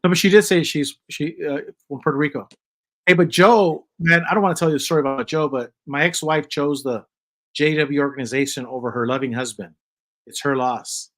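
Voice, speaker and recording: A man in his fifties hosting a casual livestream chat, rambling and joking in a loose, animated way. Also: on the high side, brisk, low-quality recording. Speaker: host.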